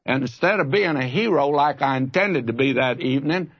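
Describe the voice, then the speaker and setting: A man's voice: medium pitch, fairly quick, slightly rough, dry recording, highs cut off. A man preaching a sermon, telling a personal story in a folksy, earnest way and rising to fervent appeals to his listeners. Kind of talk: radio Bible sermon.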